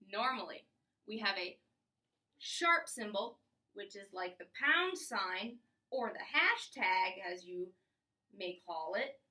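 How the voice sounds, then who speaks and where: Young woman doing a playful strings lesson, high bright voice, kinda far from the mic. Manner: upbeat, playful, talks to kids. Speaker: string teacher. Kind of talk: casual video lesson.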